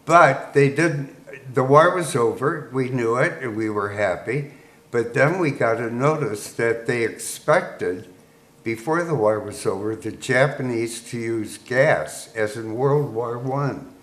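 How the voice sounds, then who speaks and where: A man's voice: mid-range voice, slow pace, a bit bright. A man in his eighties, a veteran guest, unhurriedly recounting wartime memories with chuckles, recorded in an echoey room. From United States. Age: 80s. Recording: echoey room with faint noise.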